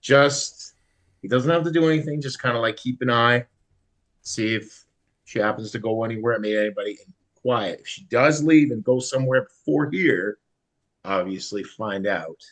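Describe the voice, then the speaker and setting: A man playing a tabletop game, loud and joking. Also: mid-range voice, normal speed. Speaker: player.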